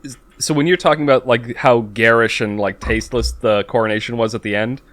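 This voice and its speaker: A man co-hosting a casual podcast chat with a middle-pitched voice. He rambles, trips over his own sentences and breaks into quick laughs. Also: steady tone, fairly bright tone. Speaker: podcast co-host.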